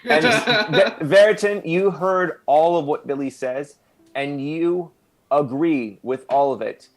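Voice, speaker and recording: A man's voice: on the high side, slow pace. A man narrating as game master in a casual, playful way.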